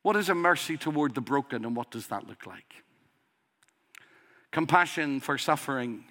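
A man's voice: medium pitch, animated, normal speed, sharp tone. A man with a strong accent preaching a sermon, earnest and emphatic, pressing his listeners with rhetorical questions. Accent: strong accent he calls a dialect.

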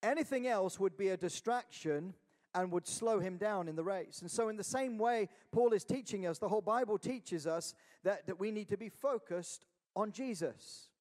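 A man's voice: sits high, moderate pace, a little mellow. A man preaching a sermon, urging his listeners on with repeated calls of "Amen?". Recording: long hall reverb.

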